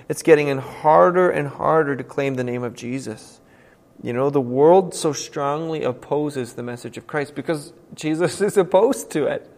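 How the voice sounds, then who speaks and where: Male pastor, average pitch, earnest sermon delivery that swells to emphatic peaks, heard in a big echoing church hall. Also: vocal fry. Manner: earnest preaching, swings from hushed to loud and emphatic. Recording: long reverb from a large hall.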